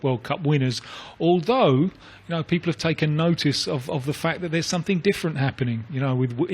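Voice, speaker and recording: Husky-voiced male football pundit. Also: mid-range voice. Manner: rambling, anecdotal, many restarts. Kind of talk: casual radio chat. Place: radio studio.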